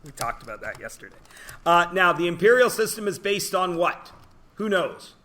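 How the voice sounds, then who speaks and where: A man's voice: high-pitched, sing-song, normal speed, pushed and bright. A man teaching a classroom lesson, joking, telling stories and quizzing his students. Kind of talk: classroom lecture.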